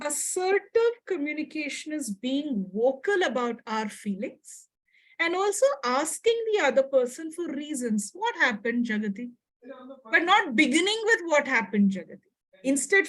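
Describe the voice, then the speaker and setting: A woman's voice: high voice, rough recording. A woman psychologist teaching an interactive online workshop, acting out short example dialogues and often checking in with her listeners. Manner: expressive, acts out example dialogues, checks in with audience.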